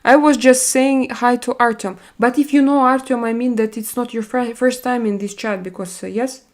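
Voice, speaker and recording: A middle-aged woman with a Russian accent and Russian as her first language, hosting a casual live-stream chat and answering viewers in halting speech full of fillers and restarts. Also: fairly high pitch, fairly even intonation. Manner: blunt and chatty.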